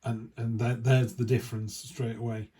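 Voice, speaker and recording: Male tarot reader, mellow warm tone, rambling casual delivery with asides. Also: mid-range voice, little pitch movement, moderate pace. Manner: rambling, chatty, restarts and asides. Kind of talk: casual weekly tarot reading.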